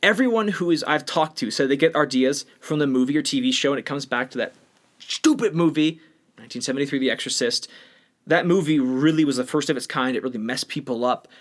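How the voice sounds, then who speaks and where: A man's voice: mid-range voice, fairly quick. A man co-hosting a podcast, talking bluntly and with strong opinions in a casual discussion. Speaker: podcast co-host.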